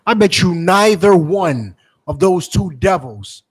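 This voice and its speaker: A man's voice: sits high, animated, slow, husky. A man preaching in a fiery, mocking street-preacher style, calling on others to read scripture. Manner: heated, mocking, profane, calls for scripture readings. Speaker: preacher and teacher.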